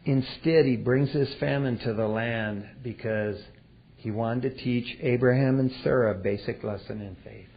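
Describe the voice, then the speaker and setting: A man preaching a sermon in a folksy way, swinging between loud and hushed delivery. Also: medium pitch, moderate pace, gravelly, breathy edge. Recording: dull lo-fi recording.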